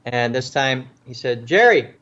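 Speaking at a moderate pace with fairly even intonation, the man has a mid-range voice captured on a muffled recording. He's a police officer and author relating a tense story in an interview, frequently restarting and repeating himself. Quoted lines get acted out with vivid flair.

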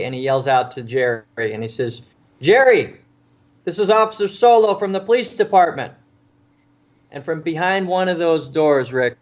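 In an interview, a male police officer who is also an author tells a tense story, often restarting and repeating words. His voice sits at medium pitch with the high frequencies cut off. He's a vivid storyteller who performs the voices he quotes.

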